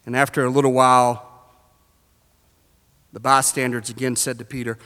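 A man preaching a sermon to a live congregation, swinging from shouts to hushed tones. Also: medium pitch, level tone, moderate pace, long pauses, clear, resonant tone, big-room sound.

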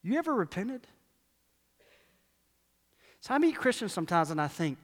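Male pastor, sermon, high voice, animated, repeats for emphasis, long echo. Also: normal speed, pauses often. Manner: animated, emphatic repetition, rhetorical questions. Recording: long hall reverb.

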